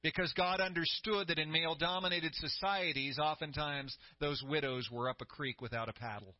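A middle-aged man preaching a sermon as pastor, telling the story with growing excitement and a voice that climbs high. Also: moderate pace, no echo. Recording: dry, slightly dull sound.

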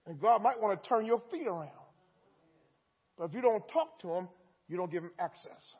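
A man's voice: high voice, animated, moderate pace, slightly rough, dull audio. A man preaching a sermon in a call-and-response style, repeating lines with rising emphasis.

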